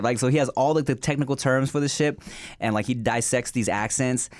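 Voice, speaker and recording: A relaxed man chatting casually, his speech loose and full of slang, now and then jumping up high with excitement or laughter. His voice sits at a middling pitch. The sound is dry and close, with no room around it. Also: a little fast, no room sound. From Thai family. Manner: laid-back, slangy, laughs often and breaks into excited bursts. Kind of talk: casual chat.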